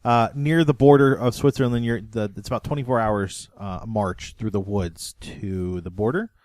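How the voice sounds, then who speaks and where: A man's voice: lowish voice, darkish tone, no room sound, clean studio sound. A man running a tabletop game as game master, talking casually and hesitantly, with many fillers and restarts. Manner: halting, full of fillers and restarts.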